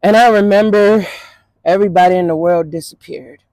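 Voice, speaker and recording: A woman's voice: lowish voice, steady tone, a little fast, warm tone, dry recording, poor audio. A woman from the Twin Cities in Minnesota, a guest in an interview, recounting a personal story in a loose, repetitive, conversational way. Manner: repetitive, conversational storytelling full of "you know what I'm saying". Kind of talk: emotional personal testimony.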